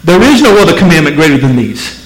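A pastor from Missouri preaching a sermon to his church, emphatic, swinging between loud peaks and low, slow passages. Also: very animated, reverberant, poor audio. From Missouri, USA. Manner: emphatic, rising to near-shouted peaks, then dropping low and slow.

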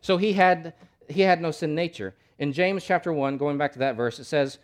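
A male pastor delivering a sermon in a fairly high voice. He talks emphatically, firing off rhetorical questions and moving between forceful peaks and quiet, low passages. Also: moderate pace. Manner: emphatic, rhetorical questions, swings loud and soft.

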